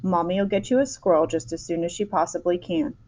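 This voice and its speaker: A woman's voice: on the low side, fairly even intonation, fairly quick, a little mellow, lightly acted, rough recording. A woman voicing an indulgent rich mother who soothes her spoiled daughter, reading a storybook aloud. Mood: soothing.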